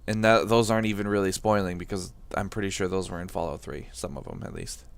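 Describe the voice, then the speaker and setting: A man's voice: low voice, animated, fast, creaky. A young man from the area co-hosting a casual gaming podcast, laid-back, swearing and laughing easily. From Boston area, USA. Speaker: podcast co-host. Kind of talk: casual chat.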